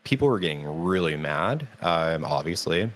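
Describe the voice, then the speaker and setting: Very low-voiced man telling a story. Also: moderate pace. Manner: animated storytelling, acts out quotes in a raised voice. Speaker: podcast co-host. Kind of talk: casual chat.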